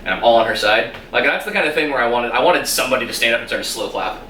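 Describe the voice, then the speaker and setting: A man's voice: mid-range voice, racing, background noise. A man chatting casually as co-host, animatedly recapping a TV episode. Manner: animated, retells scenes in quoted voices. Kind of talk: casual chat. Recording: roomy echo, distant mic.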